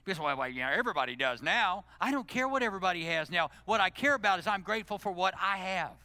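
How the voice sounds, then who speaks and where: A middle-aged male pastor delivering a sermon, swinging from loud, emphatic exhortation to hushed, intimate prayer. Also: high voice, quick pace, no room sound. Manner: animated preaching, climbing to loud emphasis then dropping to hushed, intimate prayer.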